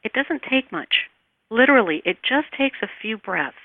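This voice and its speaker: A woman teaching meditation in an interview, speaking calmly and soothingly, and her voice trails off softly as she guides the breathing. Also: fairly high pitch, normal speed, no echo. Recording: tinny phone line, dry.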